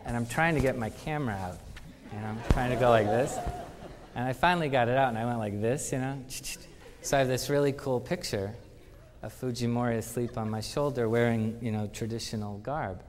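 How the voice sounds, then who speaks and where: Man telling stories in a hall. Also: mid-range voice. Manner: animated anecdotes with acted-out quotes. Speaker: conference speaker. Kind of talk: storytelling conference talk. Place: conference hall. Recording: reverberant conference hall.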